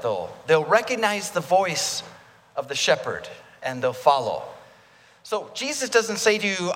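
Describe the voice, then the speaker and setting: A man's voice: high voice, fairly bright tone. A man preaching a sermon in a conversational way, asking the congregation questions. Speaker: pastor. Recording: long hall reverb.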